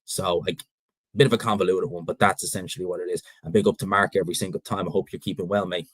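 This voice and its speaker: Fast, low and steady, with a slightly rough edge, the voice belongs to a North Dublin Irishman who hosts a boxing channel. The low-quality recording has no room sound. He takes viewer questions casually, offers blunt opinions, rambles and keeps restarting.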